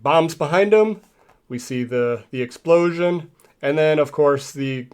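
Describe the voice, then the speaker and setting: A man recapping a comic in a casual, rambling way with many fillers. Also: medium pitch. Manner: relaxed, rambling, filler-heavy. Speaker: comic reviewer.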